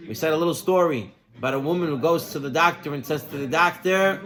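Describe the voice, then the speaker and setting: A man giving a sermon as a rabbi. He is an animated storyteller who acts out the people in his stories and drops his voice quiet to stress a lesson. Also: a little high, fast talker, few pauses.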